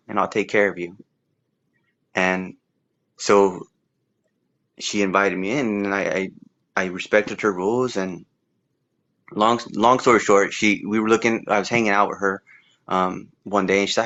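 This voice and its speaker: An interview guest tells his life story casually, rambling and halting with frequent restarts, repeated words and fillers. His low voice is steady and a bit bright, though the audio is dull.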